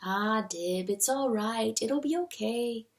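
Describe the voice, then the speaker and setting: Brief: woman playing a tender, hushed mother comforting her little boy. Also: on the high side, expressive, moderate pace. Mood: soothing. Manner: soft, soothing, hushed. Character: gentle soft-spoken young mother.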